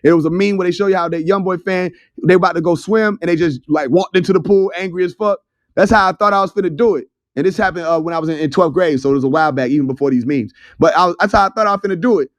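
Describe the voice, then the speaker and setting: A man's voice: sits high, very fast, no room sound. A young man hosting an online audio room, telling a story in a loose, chatty, profane way. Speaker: host of an audio chat room. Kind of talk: casual storytelling talk. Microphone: phone in an online audio room.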